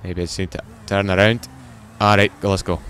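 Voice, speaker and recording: A man's voice: deep voice, little pitch movement, a little fast, a bit bright, smooth. A man hosting a gaming channel, rambling and joking to himself as he plays. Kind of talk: let's play commentary.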